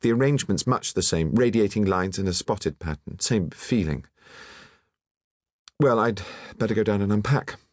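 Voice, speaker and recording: A blunt, gruff young woman painter , as a male narrator puts her on, speaking clipped and impatient in a storybook reading. The voice sits well above the reader's own deep register, dry and close with no room around it. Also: lively intonation, moderate pace, no echo. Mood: brisk. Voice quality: gruff, curt.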